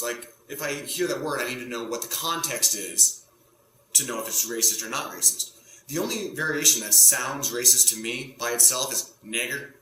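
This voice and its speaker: A male stand-up comedian talks to camera in a bright, forceful voice, often cutting himself off and circling back to his point. The sound is roomy and echoey, and a faint hum runs under it. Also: medium pitch. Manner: rambling, self-interrupting, provocative. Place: home setup in front of a green screen.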